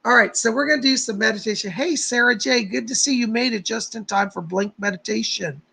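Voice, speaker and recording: Gravelly, husky psychic host chatting. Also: male voice, sits high, brisk, pushed and bright, rough recording. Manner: chatty, greets viewers by name and gives psychic readings. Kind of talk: casual livestream chat and guided meditation.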